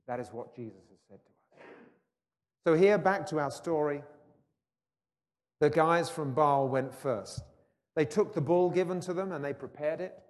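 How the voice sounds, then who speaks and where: A man's voice: fairly high pitch, measured pace, pauses often. Man preaching in a reverberant hall. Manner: dynamic, swinging from loud proclamation to hushed intensity; mocking taunts when acting out scripture scenes. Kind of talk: sermon.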